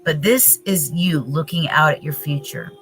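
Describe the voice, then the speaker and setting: A woman's voice: deep voice, moderate pace, poor audio. Lady doing a live tarot reading, gets fired up and swears, singing bowl music behind her. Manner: impassioned, speaks in the client's voice with swearing. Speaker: tarot reader.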